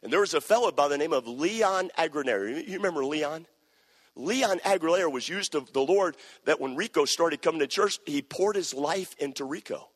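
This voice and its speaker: Husky-voiced preacher in a reverberant church. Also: male voice, fairly high pitch, expressive, moderate pace. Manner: swings from soft confiding talk to loud shouted preaching. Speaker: pastor. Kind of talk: sermon. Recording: live church sermon in a reverberant hall.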